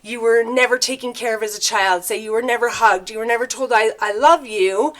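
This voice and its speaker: A woman's voice: fairly high pitch, steady tone, fast talker, a bit bright. A woman giving a casual, rambling spiritual talk as a tarot reader, often checking in with her listeners by asking "right?". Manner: chatty, loose and rambling, with frequent tag questions.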